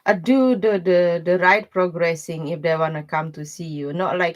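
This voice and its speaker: A woman gives a casual live-stream tarot reading in a lowish voice with lively intonation, speaking at normal speed with few pauses. She's blunt, uses loose, broken grammar, and laughs often.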